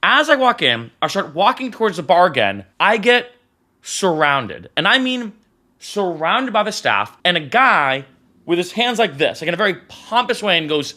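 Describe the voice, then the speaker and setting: A man's voice: high voice, normal speed. A young man telling a story in a casual vlog, acting out the dialogue as he goes. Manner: animated, acts out the dialogue. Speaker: vlogger.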